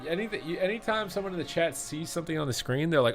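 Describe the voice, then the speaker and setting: A man's voice: a little high, fast, faint music behind. A man casting a live esports broadcast, chatting with the stream chat and calling the action play by play. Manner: excitable, chatty, reads out chat. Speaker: esports caster. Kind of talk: live game commentary.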